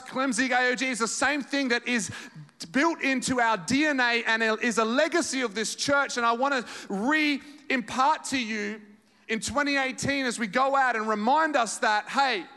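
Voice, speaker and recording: Aussie pastor guy preaching, bright punchy voice, big echoey church hall. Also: very high voice. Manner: animated storytelling preacher, acts out quoted voices. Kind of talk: sermon. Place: large church auditorium. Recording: reverberant hall.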